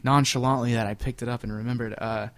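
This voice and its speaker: A man's voice: medium pitch, steady tone, fast talker, no echo. A young man in casual conversation, telling loose, rambling stories with lots of fillers and swearing. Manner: laid-back, rambling storytelling with fillers and swearing. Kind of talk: casual chat.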